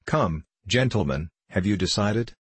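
Give me an impatient guard captain, voiced by a man, low, dry, commanding. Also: animated, a little slow, husky, no room sound, full character voice.

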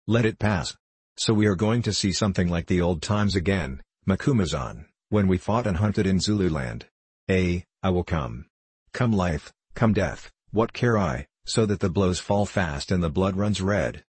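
A man's voice: sits low, animated, moderate pace, darkish tone, breathy edge, dry recording. A man voicing an aging, fierce warrior chieftain who boasts in archaic speech. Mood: boastful.

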